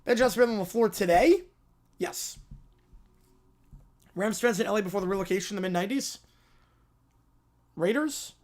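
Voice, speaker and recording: A live stream host chatting in a reaction stream, quickly reading out viewer questions and answering them. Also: mid-range voice, animated, darkish tone. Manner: rapid, reads out viewer questions.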